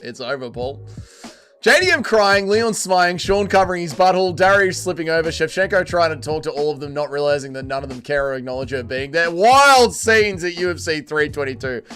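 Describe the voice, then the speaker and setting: Aussie guy reading his stream chat, crude jokes, kinda high voice, faint music behind. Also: a little fast, pushed and bright. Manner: crude, joking, reads chat aloud. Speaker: livestream host. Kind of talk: casual livestream chat reading.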